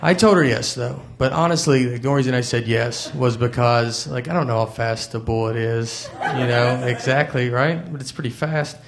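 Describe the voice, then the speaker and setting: A man's voice: mid-range voice, normal speed, vocal fry, hardly any pauses. A man doing stand-up comedy with a wry, matter-of-fact delivery. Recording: comedy club with crowd laughter. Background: audience laughter.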